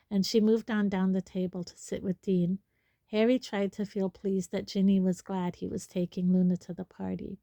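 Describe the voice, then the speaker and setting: A woman narrates a storybook in a steady, even way. Her voice is mellow and warm, and the sound is close and dry. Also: medium pitch, creaky, dry recording. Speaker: audiobook reader.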